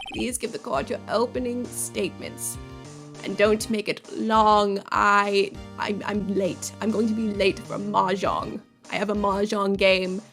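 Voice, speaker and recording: A woman voicing an impatient, fussy older male judge in a courtroom game, with slow, drawn-out speech. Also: medium pitch, lightly acted.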